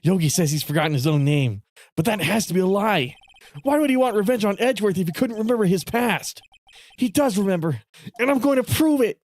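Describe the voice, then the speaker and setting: A man's voice: high voice, expressive, brisk, a little mellow, dry recording, voice pushed up. A man doing an earnest anime-hero lawyer. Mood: determined. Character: earnest young male defense lawyer. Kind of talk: reading game dialogue aloud.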